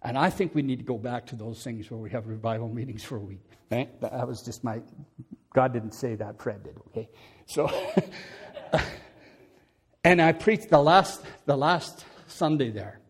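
In a church, a middle-aged man preaches a sermon, telling stories with laughter and acting out quotes as he shifts from loud bursts to quiet passages. His mid-range voice is unhurried, with a breathy edge.

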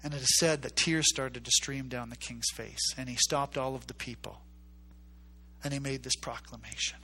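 A man's voice: mid-range voice, steady tone, normal speed, pushed and bright. A man preaching a sermon, telling a story and acting out its characters' voices with emphatic repetition.

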